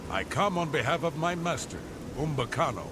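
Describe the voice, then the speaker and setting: A man's voice: a little high, expressive, background noise, close to an everyday voice. A man voicing a courteous game servant, rain behind. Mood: polite. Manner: formal, polite, measured. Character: courteous male servant delivering a noble's message. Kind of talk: video game dialogue. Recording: game audio under loud rain and thunder.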